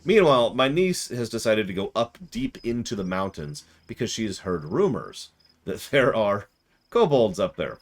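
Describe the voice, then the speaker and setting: A man casually retelling a game session in an animated, rambling way, often correcting himself. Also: lowish voice, normal speed. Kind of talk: casual storytelling.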